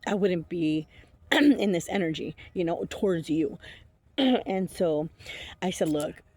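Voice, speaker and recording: A woman's voice: on the low side, animated, takes it slowly, a little mellow, dry recording. Blunt, swearing woman telling a story. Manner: blunt, profane, laughs often; rambling with many fillers and restarts. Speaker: intuitive reader. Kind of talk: casual storytime vlog.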